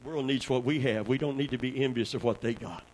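A male pastor, preaching a sermon in a call-and-response style that swings from quiet, low talk to shouted exclamations. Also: quick pace, poor audio.

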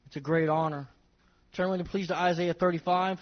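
A man's voice: high voice, steady tone, a little fast. A man preaching a sermon to his congregation, emphatic and repeating his phrases as he speaks straight to them. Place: church service with congregation. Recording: dull lo-fi recording.

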